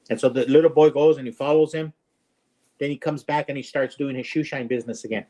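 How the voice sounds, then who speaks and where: A man co-hosting a casual podcast, telling anecdotes in a dry, unhurried way. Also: mid-range voice, fairly even intonation, dark tone. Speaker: podcast co-host. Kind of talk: casual chat.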